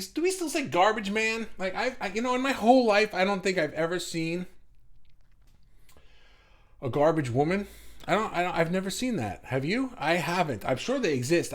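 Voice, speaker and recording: A middle-aged man hosting a casual livestream for an online group. He talks in a rambling, chatty way and restarts his sentences often. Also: high voice.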